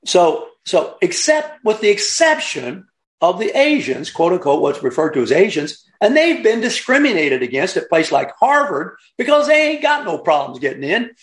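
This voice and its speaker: A man in passionate commentary, his fairly high voice swinging widely as he hammers points home and repeats them for effect. He drifts into asides and lectures like a teacher. The recording carries a noticeable roomy echo. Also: big pitch swings, moderate pace. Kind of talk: impassioned commentary.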